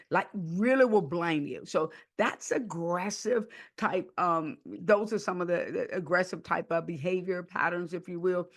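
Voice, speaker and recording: Animated woman teaching on a podcast. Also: fairly low pitch, unhurried. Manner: animated, acts out rude people in a raised, whiny voice; repeats words and restarts often. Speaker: podcast host and counselor.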